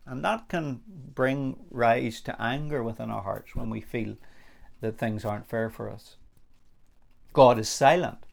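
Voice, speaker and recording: A man teaching a recorded Bible study sermon, talking earnestly and lifting his voice on the words he stresses. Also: creaky. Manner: earnest, emphatic, rising in pitch on key words.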